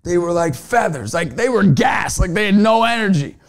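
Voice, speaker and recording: Man, high voice, motivational talk to camera, energetic storytelling, sudden shouts, coach. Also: moderate pace. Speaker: youth basketball coach and motivational speaker.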